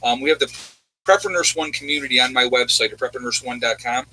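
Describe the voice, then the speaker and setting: Chatty man, bright voice, live chat. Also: medium pitch, quick pace, poor audio. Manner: rambling, chatty, reads out viewer comments. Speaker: livestream host.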